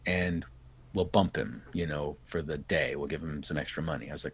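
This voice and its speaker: Low husky-voiced man telling stories. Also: fairly quick, no echo. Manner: animated, acts out quoted voices. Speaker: podcast guest. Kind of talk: casual storytelling.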